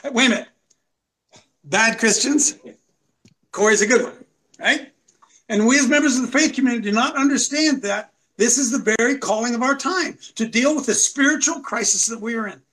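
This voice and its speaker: High-voiced preachy man host. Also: moderate pace, low-quality recording. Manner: preachy, mocking, rising to shouts. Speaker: show host. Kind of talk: combative political commentary.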